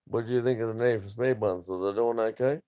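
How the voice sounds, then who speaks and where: A man's voice: fairly low pitch, fast talker, warm tone, highs cut off. A man in his thirties, chatting casually to camera in a rambling way, swearing freely. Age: 30s. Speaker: vlogger.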